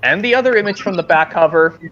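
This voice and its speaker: A man's voice: high voice, quick pace, a bit bright, lo-fi sound. A man streaming a casual chat, rambling and hesitant, with many restarts, heard over a video call.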